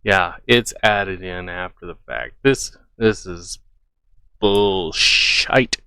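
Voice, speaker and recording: A man with a bright, forward voice talks casually as the host of a reaction video. He picks apart what he watches with skepticism. The sound is dry and close. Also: sits low, slow pace, vocal fry, clean tone, dry recording. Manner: skeptical, debunking. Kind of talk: casual commentary.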